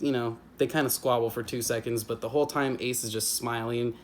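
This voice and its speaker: A man talks through a chapter review in a loose, rambling way, full of fillers and restarts. His voice sits at an ordinary middle pitch, and faint household noise sits behind him. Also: fairly even intonation. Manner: rambling, heavy on fillers and restarts, slips into quick character impressions. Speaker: YouTube book reviewer. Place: home with family nearby.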